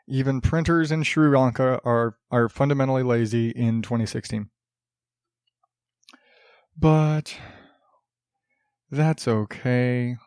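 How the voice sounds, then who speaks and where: Slow, sarcastic man hosting a podcast. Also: mid-range voice, darkish tone, clean tone, no echo, studio quality. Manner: rambling, sarcastic, with frequent restarts and laughs. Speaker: podcast host. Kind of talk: casual solo podcast monologue. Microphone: studio podcast mic.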